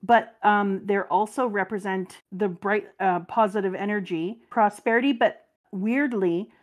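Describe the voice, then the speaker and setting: A middle-aged woman reading a comic aloud to her child and chatting about it with enthusiastic, animated storytelling. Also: mid-range voice, measured pace, highs cut off. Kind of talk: casual read-aloud and chat.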